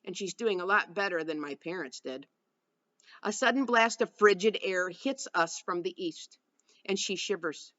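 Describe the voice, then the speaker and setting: A woman narrating a first-person novel aloud with a steady storytelling delivery. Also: fairly low pitch, moderate pace, highs cut off. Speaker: audiobook narrator.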